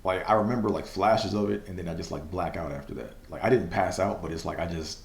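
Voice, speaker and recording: A man's voice: deep voice, fast talker, vocal fry, reverberant. A young man hosting a casual solo podcast, telling a personal story in a loose, rambling way full of fillers and swearing, with a stutter now and then. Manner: stutters at times. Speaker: podcast host.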